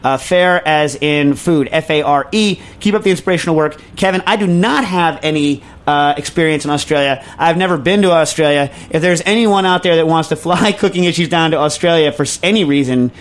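A man's voice: a little high, a little fast, hardly any pauses. An American man hosting a casual advice podcast, rambling and joking as he restarts his sentences. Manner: rambling, self-interrupting, jokey. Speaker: podcast host.

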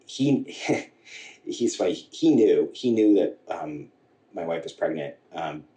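A man guest telling a personal story in a halting way, with many restarts and quoted dialogue. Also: low-pitched, expressive, warm tone. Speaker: podcast guest. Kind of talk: candid storytelling conversation. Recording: echoey room, voice from a distance.

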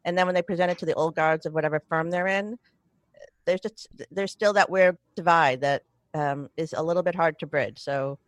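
A woman's voice: low voice, brisk, dry recording. A middle-aged woman hosting an interview, asking long, rambling questions with many restarts. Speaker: podcast host. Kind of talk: casual interview conversation.

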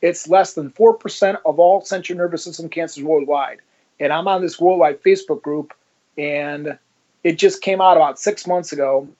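A man's voice: a little high, normal speed, dull audio. A man, a former police officer, being interviewed and telling his story in a conversational way, acting out the dialogue. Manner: animated, acts out dialogue in his stories.

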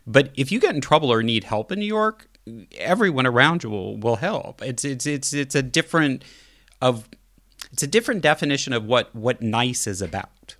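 A man hosting an interview, speaking in a measured, conversational way. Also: mid-range voice, a bit bright. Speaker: podcast host. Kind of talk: casual interview chat.

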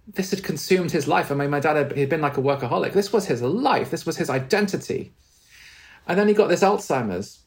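A man's voice: fairly high pitch, vocal fry. A middle-aged man, a spiritual teacher, tells a personal story in an interview, earnest and tender, often restarting and repeating his words.

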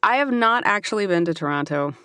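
A woman, an audiobook narrator and author, chatting quickly as a guest with many fillers. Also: mid-range voice, animated, bright, forceful tone, smooth, no echo. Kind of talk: casual interview chat.

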